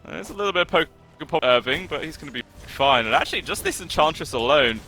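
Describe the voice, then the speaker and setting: A male esports caster with a bright, forceful tone, calling the match live. He gets excitable and jumps up on the big plays, with faint music under him. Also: fairly high pitch, quick pace. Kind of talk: live play-by-play commentary.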